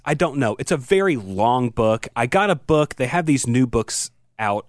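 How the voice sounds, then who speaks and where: Earnest dad telling a story. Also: male voice, medium pitch, a little slow, dry recording, studio quality. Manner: storytelling, earnest, softens when moved. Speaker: podcast co-host. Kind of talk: casual chat.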